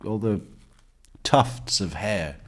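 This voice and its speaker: Male true crime commentator, slow and deliberate, low voice, sardonic with lots of laughter. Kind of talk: reading testimony aloud with commentary.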